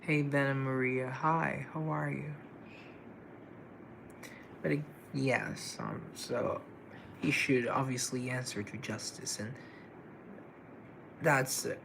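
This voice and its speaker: Live stream host, male, gravel in the voice, chatty and easygoing with viewers, faint hiss behind him. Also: medium pitch, fairly even intonation, slow, pauses often. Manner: chatty, greets viewers and answers chat comments. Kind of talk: casual live stream chat.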